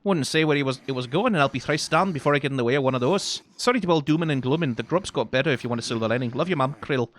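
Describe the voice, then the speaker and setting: A man's voice: medium pitch, very fast, few pauses, lightly acted. A man voicing a homesick male soldier, reading a weary, grumbling letter to his mum.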